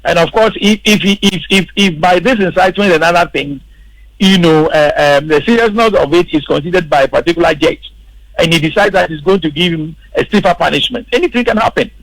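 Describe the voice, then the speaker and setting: Emphatic male radio commentator with a gravelly edge and a dry, close sound. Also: a little high, fairly quick, fairly bright tone, no echo, low-quality recording. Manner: emphatic, repeats words for stress. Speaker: political commentator. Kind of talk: radio panel discussion. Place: radio studio.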